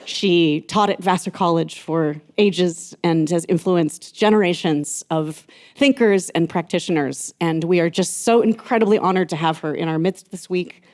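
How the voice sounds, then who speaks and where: A woman's voice: on the low side, moderate pace, a little mellow. A woman giving a formal, admiring introduction of guests at a public event. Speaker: event presenter.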